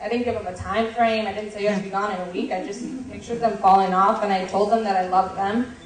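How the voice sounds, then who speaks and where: A woman's voice: mid-range voice, steady tone, quick pace. A young woman telling a personal story in a chatty way, laughing and using lots of fillers. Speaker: guest on stage. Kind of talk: casual storytelling. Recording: distant mic in echoey hall with audience.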